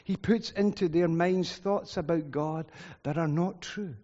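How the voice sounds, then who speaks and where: A man's voice: a little high, unhurried, dark tone. A middle-aged man, preaching a sermon in an earnest, conversational way with frequent "you know" asides. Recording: muffled sound in a reverberant hall.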